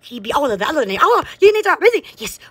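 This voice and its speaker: A woman's voice: high voice, very animated, rapid-fire, fairly bright tone, slight background noise. A woman from Alabama, chatting casually with viewers on a phone live stream, bubbly and full of exclamations and laughs. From Alabama, USA. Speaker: Instagram live streamer, store owner. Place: hot room at home.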